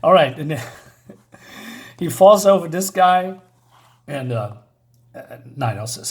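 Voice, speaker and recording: A man's voice: fairly high pitch, animated, slow, pauses often. Chatty man reviewing a comic. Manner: hesitant, many fillers, chuckling asides.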